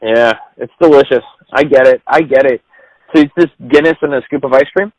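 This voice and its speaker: A man chatting casually on a podcast, relaxed and teasing. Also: mid-range voice, brisk, no echo, dull audio. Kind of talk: casual chat.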